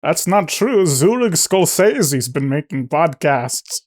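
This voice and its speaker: A man's voice: on the high side, big pitch swings, takes it slowly. A man running a tabletop game as game master, narrating and playing characters in an offhand, dry way.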